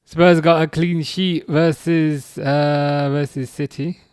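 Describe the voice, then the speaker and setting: A man's voice: on the high side, level tone, takes it slowly, a little mellow, clean tone, dry recording, studio quality. A man hosting a football watch-along live stream, chatting loosely and answering viewer comments as he goes. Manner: loose and rambling, with frequent restarts. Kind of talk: casual live-stream chat.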